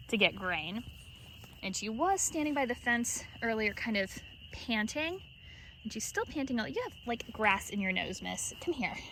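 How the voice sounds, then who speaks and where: A woman's voice: mid-range voice, fairly bright tone, a little hiss or hum. A woman vlogging at night in her sheep pen, chatting to the camera and cooing fondly at her animals. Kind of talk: casual vlog narration.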